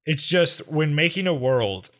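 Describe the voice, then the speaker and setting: Bright-voiced casual male podcaster. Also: a little high. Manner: quick, animated, swearing, talks over his partner. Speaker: podcast co-host. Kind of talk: casual chat.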